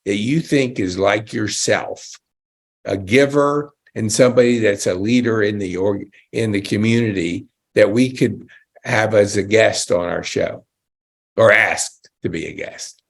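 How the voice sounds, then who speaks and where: Gravelly low-voiced man hosting a chat. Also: unhurried. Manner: enthusiastic, chatty, exclamations. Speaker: podcast host. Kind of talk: casual interview chat.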